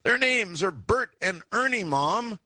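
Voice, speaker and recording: A man voicing a worried young boy who pleads in high-pitched outbursts. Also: expressive, slow, bright, forceful tone, dry recording, full character voice. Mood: pleading.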